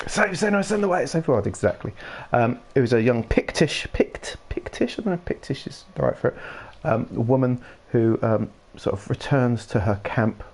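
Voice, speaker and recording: A man's voice: mid-range voice, darkish tone. A man hosting a live gaming stream, chatting in a rambling, casual way and laughing often. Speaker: livestream gaming host. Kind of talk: casual chat while streaming a game.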